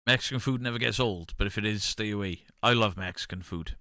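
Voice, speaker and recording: A man's voice: lowish voice, fast, dry recording, clean studio sound. A man, streaming and bantering casually with his chat. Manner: banter, reads chat aloud, shouts mock pub-landlord bits.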